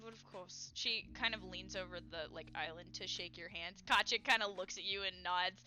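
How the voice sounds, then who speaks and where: A woman's voice: lowish voice, moderate pace, pushed and bright, faint music behind. A woman narrating a tabletop game as game master in a casual, chatty way. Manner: casual, chatty, many fillers, laughs often.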